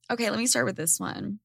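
A woman's voice: mid-range voice, creaky, sharp tone, breathy edge, no echo, studio quality. A woman hosting a casual chat, ranting sarcastically and swearing freely. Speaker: podcast host.

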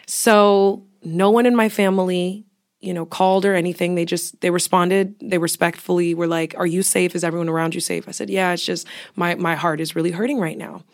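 A woman's voice: on the low side, fairly even intonation, a little fast. A young woman co-hosting a podcast, sharing a personal story in casual chat and often sinking into a near whisper. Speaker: podcast co-host.

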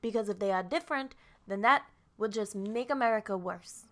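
A woman's voice: mid-range voice, a little fast, fairly bright tone, lightly acted. A woman doing an impression of a boastful male politician, pompous and rambling.

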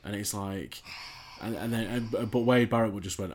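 A young man with a very low voice and a bright, forceful tone chats casually as a podcast co-host. He rambles, hesitating and restarting in a relaxed way. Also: unhurried. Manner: rambling, laid-back, hesitant. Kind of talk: casual chat.

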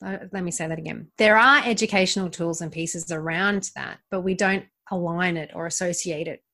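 A woman's voice: on the low side, brisk, pushed and bright. An Australian woman who is a podcast guest, talking earnestly about relationships and triggers in a casual interview. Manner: earnest, advice-giving, laughs easily.

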